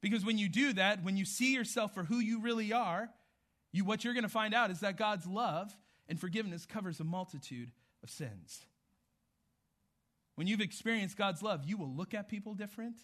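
A man's voice: high voice, moderate pace. A man preaching a sermon as pastor, in a conversational storytelling manner. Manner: conversational storytelling, animated retelling.

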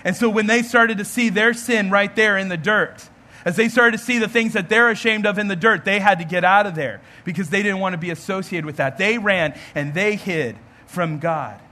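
A man's voice: high-pitched, moderate pace, bright, forceful tone. A man, a pastor, giving an earnest storytelling sermon and acting out the voices in the story.

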